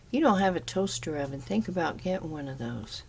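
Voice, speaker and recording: A middle-aged woman with a notably low voice talks viewers through a cooking demo in her kitchen. Her manner is chatty and homey as she explains each step. There is a faint hum of room ambience behind her. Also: expressive, a little fast, creaky. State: talking with her mouth full. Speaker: home cooking vlogger. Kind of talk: casual cooking demonstration. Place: home kitchen.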